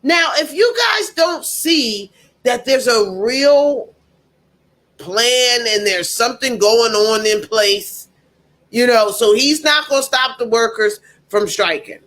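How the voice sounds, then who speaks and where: Speaking slowly in an expressive, slightly bright mid-range voice, this political commentator addresses listeners directly. The monologue is opinionated, with an indignant, emphatic tone and points repeated for effect.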